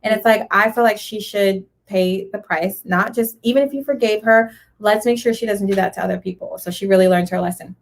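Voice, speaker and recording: A woman's voice: medium pitch, a little fast, few pauses. A young woman co-hosting a podcast, talking in an earnest, agreeable way. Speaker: podcast co-host. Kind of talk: casual chat.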